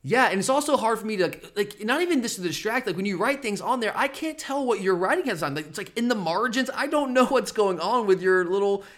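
A man's voice: high-pitched, expressive, fast talker, hardly any pauses, fairly bright tone. A man hosting a casual sports betting podcast, teasing his co-host and rambling with frequent restarts.

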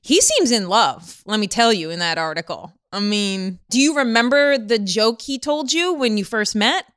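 A woman hosting a sports interview, asking friendly, quick questions and steering the talk. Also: a little high, lively intonation, fairly bright tone, clear, resonant tone, no room sound, clean studio sound. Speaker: sports podcast host. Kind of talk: casual interview.

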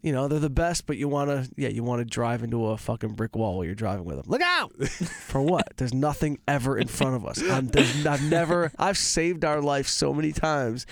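A man from Detroit in relaxed, slangy casual chat. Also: medium pitch, a little fast, vocal fry, few pauses, no echo. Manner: laid-back, slangy. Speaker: podcast co-host.

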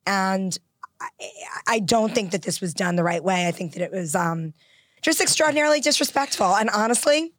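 A woman's voice: mid-range voice, expressive, moderate pace, a bit bright, no room sound, studio quality. A woman co-hosting a casual podcast, giving emphatic, opinionated takes. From half English by family. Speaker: podcast co-host. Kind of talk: casual chat.

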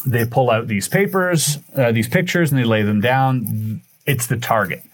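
A man's voice: medium pitch, moderate pace. A man, a podcast guest, telling a long story in casual chat, acting out what people said. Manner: animated, acts out quoted dialogue; loose, with fillers and restarts.

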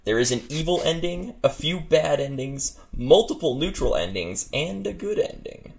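A man with a lively, swooping delivery and a gravelly edge to his voice. He co-hosts a laid-back podcast, chatting and reading a story aloud with plenty of laughter. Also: on the high side, moderate pace. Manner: laughing, animated reader. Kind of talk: casual chat and story reading.

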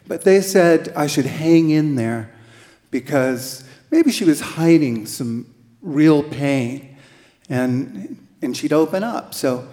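Male storyteller, unhurried and halting, mid pitch, live stage echo. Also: darkish tone. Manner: halting, with restarts. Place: theater stage.

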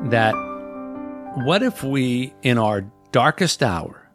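A man, the author, reading the opening of his novel aloud and then explaining its premise in an earnest, measured storytelling manner. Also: mid-range voice, sing-song, over music.

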